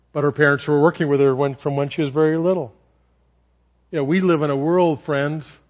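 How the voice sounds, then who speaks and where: A middle-aged man delivers a sermon in a high, animated voice, acting out children's voices as he tells his stories. The recording is dull and lo-fi. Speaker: preacher.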